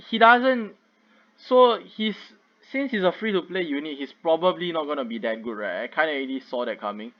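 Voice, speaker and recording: Rambling young man, dull lo-fi sound. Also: medium pitch. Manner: rambling, filler-heavy, frequent restarts. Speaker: gaming video creator. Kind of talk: casual game commentary.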